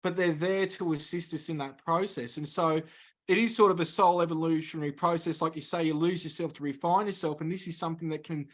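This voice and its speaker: A man speaks as a guest on a talk show, answering in a measured, explanatory manner. His voice is pitched somewhat high for a man, and he builds his points step by step. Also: steady tone. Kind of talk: spiritual interview talk.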